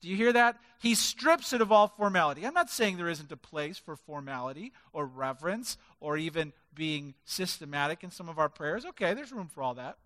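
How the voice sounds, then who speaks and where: A man's voice: a little high, animated, fairly quick, hardly any pauses, sharp tone. A male pastor preaching a sermon, emphatic and driving his points home with stacked lists of words. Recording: reverberant hall.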